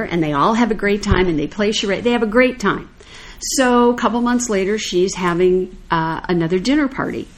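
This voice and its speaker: Older woman telling a lively anecdote. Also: on the low side. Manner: animated anecdotal storyteller, acts out quoted lines. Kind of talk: casual chat.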